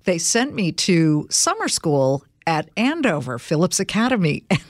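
A woman from California hosting an interview podcast, asking questions in a lively, encouraging way and speaking directly to her listeners. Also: fairly low pitch, normal speed, no room sound, clean studio sound. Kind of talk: conversational interview.

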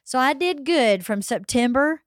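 Southern lady host, kinda high voice, tells stories and does all the family voices, dry close mic. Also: a little slow, no echo. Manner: animated storyteller who acts out family voices. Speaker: podcast host. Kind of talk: casual chat.

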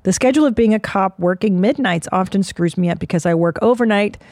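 Her mid-range voice is a little mellow, and she talks fast: a middle-aged woman hosting a casual podcast, ranting with blunt sarcasm and plenty of swearing. It's studio quality with no room sound.

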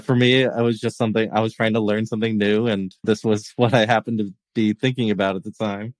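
A man's voice: on the low side, flat delivery, a little fast, no echo. A man from the United States co-hosting a casual tech podcast, talking in long rambling stretches with frequent laughs and restarts. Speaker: podcast co-host.

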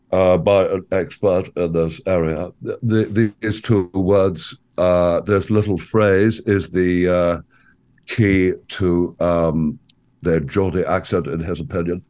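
A man doing a middle-aged, bumbling little-business entrepreneur on a comedy podcast. His voice sits fairly low as he gropes along through halting restarts and long ums. He sounds earnest and a touch lost. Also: darkish tone. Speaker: interview guest. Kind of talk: comedic character interview.

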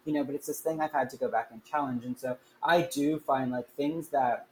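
A man's voice: mid-range voice, steady tone, brisk, poor audio. Man, podcast guest, casual chat, rambling and earnest, faint background noise. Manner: earnest, rambling, full of fillers.

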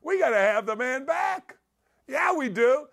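A middle-aged man hosting a sports talk show, loud, rambling and jokey, swinging from shouts to low mutters. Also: expressive, measured pace, creaky. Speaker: sports radio host. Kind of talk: energetic sports talk monologue.

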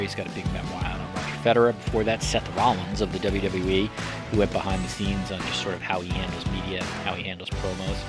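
A man hosting a podcast in casual chat, joking and self-deprecating with frequent restarts. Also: fairly low pitch. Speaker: podcast host.

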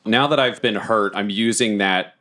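A young man with a lowish voice runs through his warrior's strikes and damage rolls at a tabletop game. He lets loose theatrical battle cries in character between the dice talk. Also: normal speed. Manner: dramatic, acts out his fighter's shouts. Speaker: player. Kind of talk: tabletop role-play, in character.

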